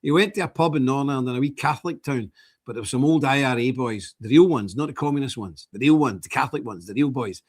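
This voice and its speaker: A man's voice: mid-range voice, fast talker, slightly rough. A middle-aged man, hosting a live stream with scornful, impassioned commentary. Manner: scornful, ranting, animated.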